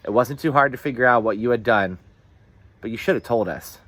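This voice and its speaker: A man reading a booming, good-humored country father. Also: brisk, a bit bright, dry recording, lightly acted. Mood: hearty. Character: rural father, middle-aged, hearty and kind. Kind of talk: audiobook reading.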